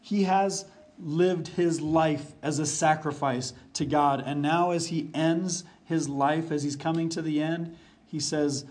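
A man's voice: steady tone, slow, darkish tone. Male pastor preaching with shifting pace. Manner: varies pace and volume, drops low for quoted verses; repeats phrases for emphasis. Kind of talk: sermon.

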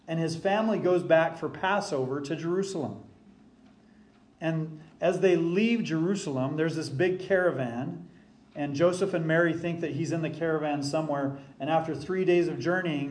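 A man preaching a sermon from the pulpit as the pastor, emphatic and deliberate, slowing down to stress key phrases. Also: fairly high pitch, darkish tone.

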